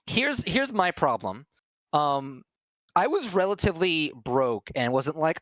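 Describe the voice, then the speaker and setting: A man's voice: on the high side, sing-song, a little slow, a bit bright, dry recording. A man streaming, telling a funny story in casual chat, laughing and restarting often.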